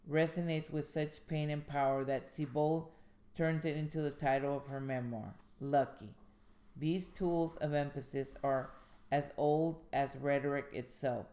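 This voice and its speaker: A woman's voice: sits low, darkish tone. Woman, podcast host, reads a writing guide aloud, casual commentary, fillers and restarts. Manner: measured reading, then loose talk with fillers and restarts. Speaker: podcast host and indie author.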